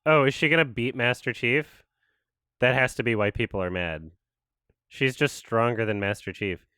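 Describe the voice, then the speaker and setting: A man's voice: mid-range voice, normal speed, sharp tone, dry recording, clean studio sound. A man hosting a casual watch-along, commenting sarcastically and mocking what he sees on screen. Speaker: host.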